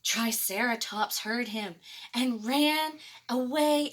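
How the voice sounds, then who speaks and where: A woman librarian reading a picture book aloud to children, expressive and chuckling. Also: fairly high pitch, slow. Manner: expressive, chuckling between pages.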